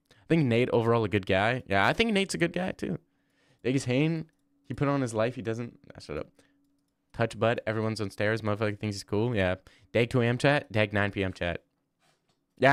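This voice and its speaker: Young male streamer, casual and profane, riffs on chat mid-game; average pitch, dead-dry sound. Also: no echo. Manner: rambling, profane, reacting to chat. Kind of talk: casual livestream chat while gaming.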